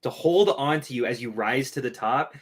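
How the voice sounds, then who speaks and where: A man's voice: medium pitch, moderate pace, slightly rough. A young man hosting a livestream, joking crudely and mocking himself in casual banter. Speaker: livestream host.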